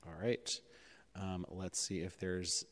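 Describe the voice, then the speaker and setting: Deep-voiced man chairing a public meeting. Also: little pitch movement, takes it slowly. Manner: procedural, with frequent fillers. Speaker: board chair. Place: city hall legislative chamber. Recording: echoey chamber with long reverb.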